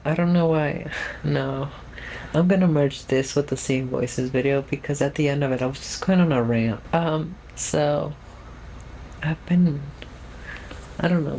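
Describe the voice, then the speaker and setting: A young adult vlogger, alone at home with her camera, gives a casual, rambling update full of fillers and restarts in a trained feminine voice. Her voice sits in the mid range with a darkish tone, and the low-quality recording carries a little hiss or hum.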